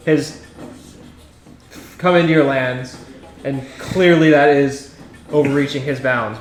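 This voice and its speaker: An earnest superheroine with lofty, formal speech, as a man puts her on. The voice sits slightly raised and carefully measured. It sounds roomy and echoey, with faint music behind. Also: fairly high pitch, a bit bright, natural voice. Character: earnest female speedster hero, formal and reasoning.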